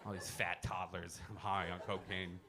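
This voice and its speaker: A man performing a stand-up comedy set in a comedy club, talking loosely and dropping into quick character voices. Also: low voice, little pitch movement, very noisy. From born in a Muslim-majority country. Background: audience laughter.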